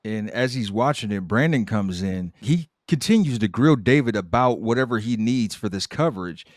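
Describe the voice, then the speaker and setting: A man co-hosting a casual recap podcast, calmly retelling scenes and quoting the characters. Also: on the low side, normal speed, no room sound, studio quality. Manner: relaxed storyteller, quotes characters. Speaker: podcast co-host.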